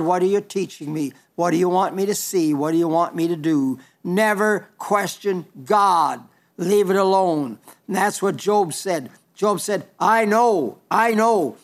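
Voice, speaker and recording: Old preacher guy, high voice, earnest, keeps repeating himself for emphasis. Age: older. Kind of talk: sermon.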